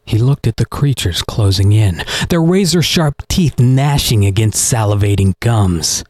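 Husky man narrating a horror audiobook. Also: lowish voice, measured pace, dry recording. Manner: vivid, expressive storytelling.

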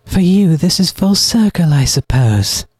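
A man voicing a cruel boy who commands monsters, speaking in a cold, menacing, soft way. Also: high voice, very animated, unhurried, slightly rough, no room sound, voice pushed up, exaggerated voice. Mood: coldly menacing.

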